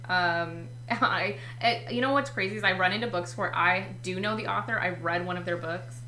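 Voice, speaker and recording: A woman's voice: lowish voice, normal speed, hardly any pauses, pushed and bright. A young woman co-hosting a casual book chat, candid and self-deprecating, often giggling. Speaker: podcast co-host. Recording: echoey room with faint hum.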